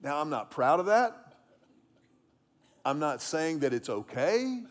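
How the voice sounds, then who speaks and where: Male pastor, high and very expressive pitch; animated, conversational sermon delivery. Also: slow pace. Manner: animated, conversational, self-deprecating humor.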